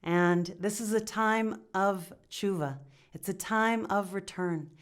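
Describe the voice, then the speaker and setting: A woman storyteller narrating a folk tale in a lively, animated way. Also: medium pitch, takes it slowly. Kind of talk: oral storytelling.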